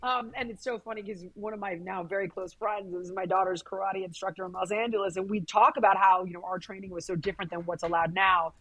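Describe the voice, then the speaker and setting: A middle-aged woman with a husky voice at a middle pitch talks as an interview guest. She speaks bluntly and with emphasis, swearing freely. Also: steady tone, quick pace, hardly any pauses, a bit bright. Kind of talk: candid conversational interview.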